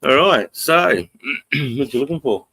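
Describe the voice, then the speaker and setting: A man's voice: medium pitch, lively intonation, slow pace, vocal fry, sharp tone, slightly rough, low-quality recording. An Australian man hosting a casual live stream, rambling, swearing freely and reading out chat comments. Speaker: livestream host. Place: home in the countryside.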